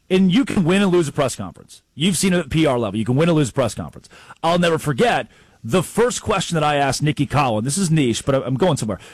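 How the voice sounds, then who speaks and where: A man co-hosting a sports talk show, telling stories excitedly and acting out the people he quotes. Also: a little high, no echo. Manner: excitable storyteller, acts out quotes.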